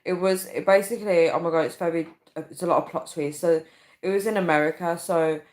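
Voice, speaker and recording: A woman's voice: lowish voice, steady tone, fairly quick. A young woman chatting casually on a livestream, reading out comments and laughing often. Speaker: livestream host.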